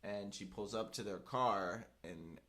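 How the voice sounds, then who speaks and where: In an unhurried, fairly low-pitched voice, a young man co-hosting a podcast tells a story casually. He brings the quoted people to life as he acts them out, peppering everything with "like."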